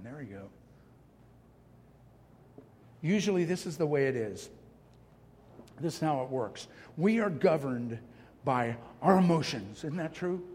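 A man's voice: mid-range voice, darkish tone, slight background noise. A male pastor delivering a sermon, passionate and emphatic, with self-deprecating asides. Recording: long hall reverb.

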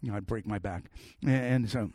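Animated man preaching, dry close sound. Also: lowish voice, brisk, dry recording. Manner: animated storyteller, swings from loud to soft. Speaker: pastor. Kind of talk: sermon with personal stories.

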